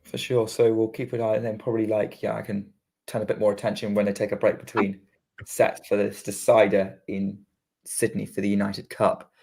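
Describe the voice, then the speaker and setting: A man's voice: lowish voice, level tone, creaky, a little mellow, breathy edge. A British man co-hosting a casual tennis watchalong, calling the rallies live and chatting between points. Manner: running play-by-play, quickens during rallies. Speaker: podcast co-host doing live commentary.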